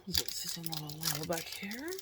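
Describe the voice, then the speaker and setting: Lady with a pretty low voice trying snacks on camera, chill chatty vlog, some background noise. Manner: chatty, unhurried, murmurs while chewing. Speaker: snack review vlogger. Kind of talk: casual snack taste-test commentary.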